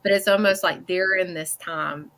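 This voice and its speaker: Woman medium doing a live call-in reading. Voice bright and forward. Halting, earnest and blunt, with frequent "okay?" check-ins. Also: fairly low pitch, steady tone. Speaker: psychic medium giving a reading.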